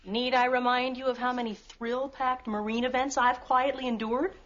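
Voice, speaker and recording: An actress playing a witty, determined writer and Marine wife who talks in a brisk, wry, persuasive way in an old TV sitcom. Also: female voice, on the high side, level tone, fairly bright tone, close to an everyday voice. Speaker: wife, journalist. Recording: dull hissy TV sitcom audio with studio audience.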